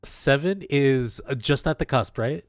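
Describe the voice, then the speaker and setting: Casting: male game master, slow and measured, dry close sound. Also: mid-range voice, no room sound, faint music behind. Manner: unhurried, explains rules with fillers. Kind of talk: narrating a tabletop game.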